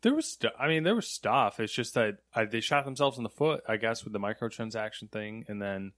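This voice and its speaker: A man's voice: on the low side, lively intonation, fairly quick, fairly bright tone, no room sound, studio quality. A young man co-hosting a gaming news podcast, laid-back and playing along with his co-host's jokes. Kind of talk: casual chat.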